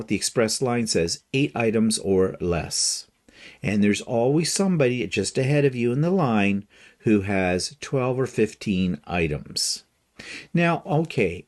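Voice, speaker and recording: A man's voice: fairly low pitch, a little mellow. An older man hosting a casual vlog, joking through a wry, humorous rant. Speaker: quilting vlogger.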